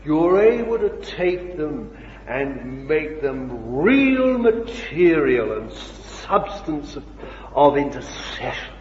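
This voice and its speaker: Guy preaching a sermon, kinda high voice, slow and fired up, muffled old tape. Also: very animated, slight background noise. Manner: impassioned, swings between loud and hushed, rhetorical questions. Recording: dull old recording in an echoey hall.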